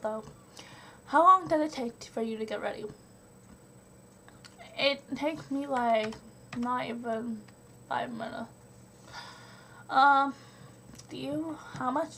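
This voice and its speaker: Young girl vlogger doing a q&a tag, talks slow, lots of ums, kinda high voice, a little background hiss. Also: creaky, a bit bright. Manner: hesitant, many ums, giggly. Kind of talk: question-and-answer tag video.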